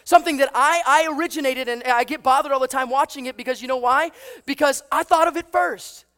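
A man's voice: extremely high pitch, a little fast, sharp tone. A man preaching a sermon, telling a story with acted voices and asking the congregation rhetorical questions. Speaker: pastor.

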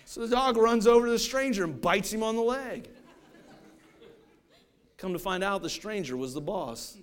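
Animated high-voiced male preacher. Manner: animated preaching with quoted asides and storytelling. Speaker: pastor. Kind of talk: sermon.

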